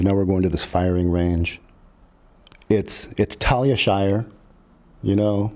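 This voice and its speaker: A middle-aged man, a filmmaker guest on a podcast, telling stories casually in an animated, profane way and acting out quotes. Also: fairly low pitch, moderate pace. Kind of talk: casual storytelling.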